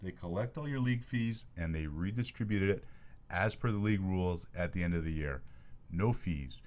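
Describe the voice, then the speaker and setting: Male podcast host, low-ish voice, chatty and joking, casual studio sports talk. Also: moderate pace. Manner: jokey, chatty, animated plugs.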